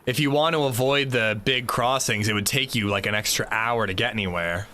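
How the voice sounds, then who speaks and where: A man's voice: medium pitch, a little fast, sharp tone, slight background noise. A man livestreaming a game, chatting casually in a rambling way, swearing freely and saying "like" a lot. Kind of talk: casual gameplay commentary.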